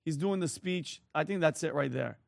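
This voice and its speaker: A man's voice: on the high side, moderate pace, creaky, no echo. A man co-hosting a talk show, giving heated, emphatic political commentary and directing the screen operator. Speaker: co-host.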